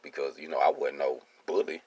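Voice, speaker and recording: An extremely low, darkish voice belongs to a welding business owner in his thirties, speaking steadily and briskly. He tells his life story in a streetwise, casual monologue, often asking "you see what I'm saying."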